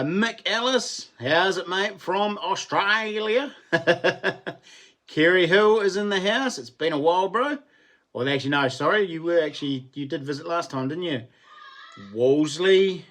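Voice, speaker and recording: A man's voice: sits high, fairly bright tone. A middle-aged man with a New Zealand accent, hosting a casual livestream chat, greeting and thanking viewers by name and laughing often. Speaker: livestream host.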